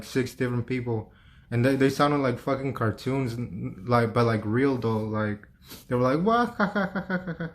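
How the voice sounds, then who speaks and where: Telling a personal story in a loose, wandering way, a man speaks in a mid-range voice that barely rises or falls. His speech is full of fillers, frequent restarts and plenty of swearing.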